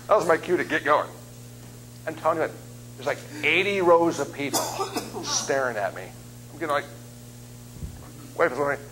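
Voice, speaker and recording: A man in his fifties preaching as a guest speaker, telling funny stories in an animated, self-deprecating way. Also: fairly high pitch, normal speed, long pauses, slight background noise, poor audio. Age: 50s. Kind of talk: humorous sermon storytelling. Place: church sanctuary.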